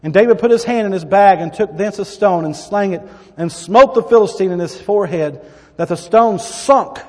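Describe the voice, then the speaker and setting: A man's voice: high-pitched, moderate pace, big-room sound. A man preaching a sermon, reading Bible verses dramatically and adding asides to the congregation. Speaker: pastor.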